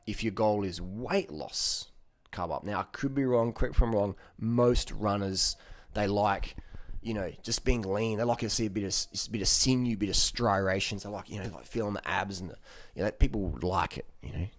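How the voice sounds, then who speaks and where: Blunt, low-voiced man ranting. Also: normal speed, no echo. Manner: blunt, profane, joking, full of fillers like "you know". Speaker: vlogger giving diet advice. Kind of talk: casual rambling monologue.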